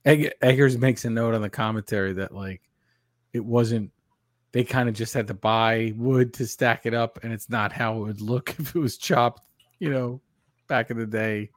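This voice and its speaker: A man's voice: mid-range voice, steady tone, normal speed, no echo, studio quality. A man co-hosting a podcast, chatting thoughtfully and adding background details with plenty of fillers. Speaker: podcast co-host. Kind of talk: casual podcast discussion.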